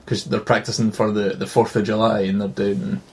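A man's voice: on the low side, flat delivery, brisk. A man co-hosting a podcast, chatting casually, laughing often and telling anecdotes. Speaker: podcast co-host. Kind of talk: casual movie review chat.

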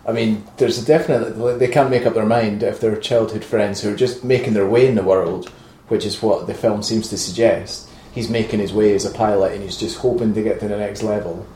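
A man's voice: fairly low pitch, fairly even intonation, brisk, few pauses, mellow, a little hiss or hum. A man hosting a casual film-review chat, joking and laughing often. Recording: echoey room.

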